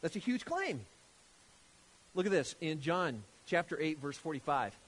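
A man preaching a sermon, emphatic and animated, often restarting his phrases. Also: fairly high pitch, measured pace. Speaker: pastor.

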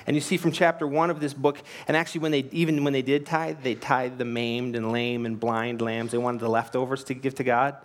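A man's voice: medium pitch, fairly even intonation, fairly quick. A man preaching a sermon, earnest and emphatic, asking rhetorical questions and telling anecdotes. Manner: tells anecdotes with light laughs. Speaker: pastor.

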